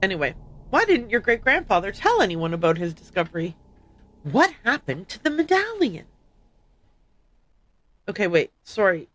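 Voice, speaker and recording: A woman's voice: mid-range voice, wildly swooping pitch, moderate pace, long pauses, fairly bright tone, no echo. A woman streaming a video game, chatting casually and playfully repeating dialogue lines aloud to try them out. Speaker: livestream host playing a game.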